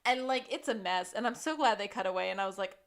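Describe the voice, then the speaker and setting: A woman's voice: medium pitch, fast talker. A woman co-hosting a podcast, chatting casually about a TV episode, laughing often and going off on tangents. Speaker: podcast co-host. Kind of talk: casual recap chat.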